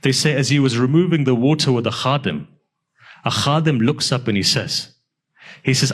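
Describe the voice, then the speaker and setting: A man's voice: medium pitch, normal speed. A male preacher telling a mournful story in a sermon, swelling into emotional recitation.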